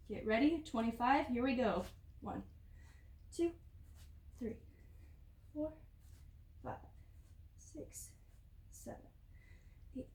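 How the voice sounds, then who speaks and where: A fitness instructor with a somewhat high, slightly mellow voice leads an at-home workout. She counts reps out loud and explains each move while doing it herself, sounding a bit out of breath from exercising along.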